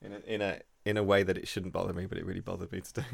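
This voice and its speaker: Gravelly low-voiced man, chatty podcast host. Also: racing, dry recording. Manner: chatty, laughs often, animated storytelling with restarts. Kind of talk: casual chat.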